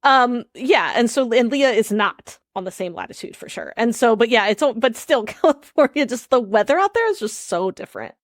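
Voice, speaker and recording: A woman co-hosting a podcast, talking in a relaxed, chatty way with frequent laughter. Her voice sits fairly high and sounds dry and close. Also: normal speed, hardly any pauses, dry recording. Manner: chatty, laughs often, trails off and restarts. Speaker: podcast co-host. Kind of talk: casual chat.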